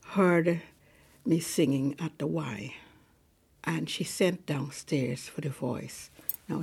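Very husky, slow-spoken old woman. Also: deep voice. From Guyana. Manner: soft-spoken, often sinking to a whisper. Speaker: lay preacher. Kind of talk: personal storytelling. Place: large cathedral.

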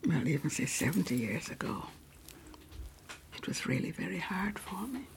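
A woman around ninety from Guyana, a lay preacher telling her life story softly, often dropping to a whisper, in a large cathedral. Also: on the low side, big pitch swings, normal speed, vocal fry, a little hiss or hum. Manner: soft-spoken, often sinking to a whisper. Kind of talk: personal storytelling.

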